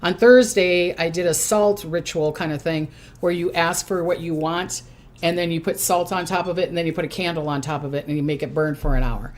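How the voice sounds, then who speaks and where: A woman's voice: on the low side, fairly even intonation, a little fast. An older woman hosting a casual psychic livestream from her recliner at home, chatty and hyper, often giggling. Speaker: psychic host.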